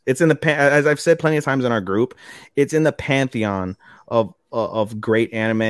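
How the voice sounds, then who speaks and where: A man co-hosting a podcast in casual chat, excitable, swearing freely and filling with ums. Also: medium pitch, no echo, studio quality. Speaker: podcast co-host.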